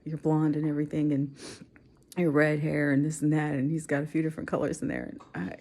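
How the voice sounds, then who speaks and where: A woman in her forties shares a personal story in a soft, tearful voice that keeps slipping into whispers. Her voice sits low with a gravelly fry and a husky edge. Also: brisk. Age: 40s. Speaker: vlogger. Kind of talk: emotional personal vlog.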